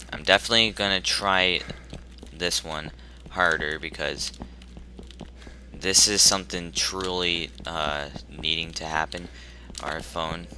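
Low-voiced man nervously playing a horror game. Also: background noise. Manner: jumpy, nervous self-talk with sudden loud outbursts. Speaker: gaming YouTuber. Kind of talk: horror game let's play commentary.

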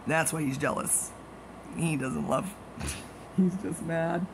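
A man talks in a loose, wandering monologue, trading jokey gossip and side remarks. His voice sits a bit high and has a gravelly, fried edge. A steady air-conditioning hum runs clearly underneath. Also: slow. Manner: meandering, jokey, gossipy asides with frequent laughs. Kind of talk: rambling casual monologue.

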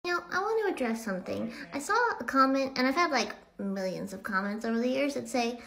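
High-voiced young woman ranting to camera. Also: lively intonation, fast, vocal fry, few pauses, fairly bright tone. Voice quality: very high, small-sounding voice. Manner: candid, ranting, self-mocking. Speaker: comedy creator. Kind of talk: casual talking to camera.

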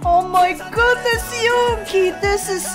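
A woman's voice: very high-pitched, steady tone, takes it slowly. A woman hosting a music video reaction, talking emotionally with frequent awed exclamations.

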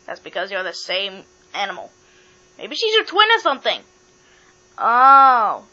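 Bright, bossy woman hosting a pretend show. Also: medium pitch, wildly swooping pitch, brisk. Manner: bossy, matter-of-fact. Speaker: host of a toy talk show. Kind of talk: playful pretend talk show. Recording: dull lo-fi with mains hum.

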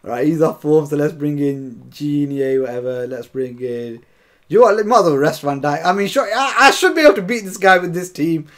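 Guy yelling over a football game, highish voice, keeps saying lads. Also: animated, normal speed. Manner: chatty, keeps calling viewers lads, bursts into shouts and laughs. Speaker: gaming YouTuber. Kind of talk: excitable gameplay commentary.

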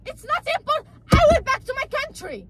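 A Moroccan woman with a Moroccan accent, a vlogger whose first language is Moroccan Arabic, talking rapidly and confrontationally, switching between English and Arabic. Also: very high voice, sing-song. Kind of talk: prank vlog argument. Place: inside a moving car. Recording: car noise under voice. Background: car engine noise.

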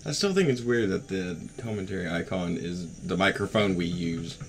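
A man's voice: low voice, normal speed, slight background noise. A man with a sore, worn voice, chatting casually while commentating a video game. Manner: laughs easily, swears casually. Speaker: let's play commentator.

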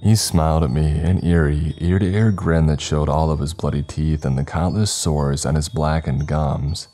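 Very deep-voiced man narrating horror. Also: fairly even intonation, warm tone, soft background music. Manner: slow, measured storytelling.

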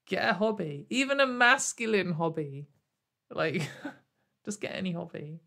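A woman's voice: fairly low pitch, measured pace, gravelly, bright, forceful tone. A young woman YouTuber talking sarcastically to camera in a casual commentary, rambling with many fillers and frequent laughs. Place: at home in front of a camera.

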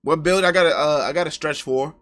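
A man hosting a live reaction stream, excitable and profane, bantering with his chat. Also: a little high, fairly quick.

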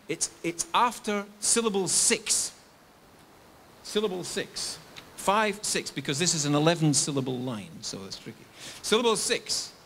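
Older English academic giving a public lecture, slightly high voice, faint hiss on the tape. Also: male voice, fairly bright tone. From England. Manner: explanatory, asks and answers his own questions. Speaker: guest lecturer. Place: university lecture hall.

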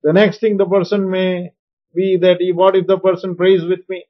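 A man preaching a teaching sermon on sharing faith, slow and emphatic in his instructions. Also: high-pitched, little pitch movement. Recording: dull lo-fi recording.

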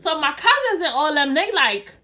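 A woman YouTuber telling a storytime vlog in an animated, chatty way, talking straight to her viewers and swearing casually. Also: sits high, moderate pace.

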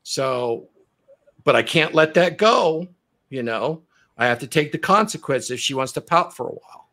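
A man's voice: on the high side, animated, normal speed, sharp tone. A man hosting a casual chat, laying out his dating advice in an assertive, lecturing way. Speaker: host and dating coach.

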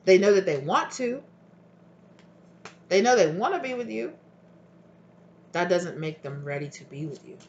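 A tarot reader giving a casual intuitive reading, chatty and acting out both partners' voices in quick back-and-forth. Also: medium pitch, very animated, darkish tone, muffled recording.

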